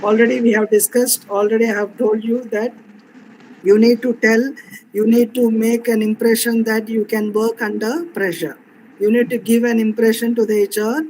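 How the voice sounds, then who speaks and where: A man's voice: high voice, flat delivery, moderate pace, darkish tone, slight background noise, poor audio. Man teaching an online class. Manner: repetitive, explains with fillers. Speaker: soft skills trainer.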